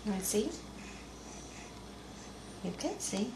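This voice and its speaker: A mother softly coaxing her baby through a feeding, speaking in gentle baby talk on a home video. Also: medium pitch, lively intonation, moderate pace, noisy background. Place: room at home. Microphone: home video camera. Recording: echoey home video room.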